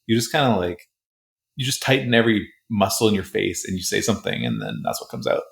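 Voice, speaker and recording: A man's voice: on the low side, sing-song, quick pace, creaky. A young man co-hosting a podcast, teasing his co-host and laughing often in casual chat.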